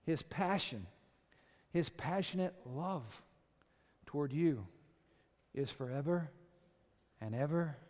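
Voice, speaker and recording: Animated older male preacher, high voice. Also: takes it slowly, pauses often. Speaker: pastor. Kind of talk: sermon. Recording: echoey hall.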